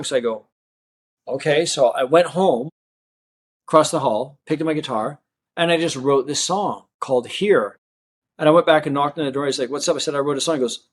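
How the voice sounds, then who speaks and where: A man tells a personal story in a relaxed interview, his voice sitting a little higher than most men's. He is animated and acts out the people he quotes, swinging his pitch up and down as the story moves. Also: brisk, slightly rough. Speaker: magician and guest.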